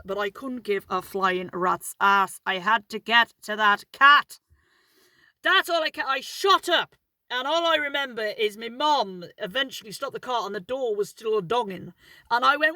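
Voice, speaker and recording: A woman's voice: fairly high pitch, pushed and bright, no room sound, rough recording. A woman telling a story in a casual vlog from inside her car, chatty and rambling, swearing freely. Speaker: vlogger.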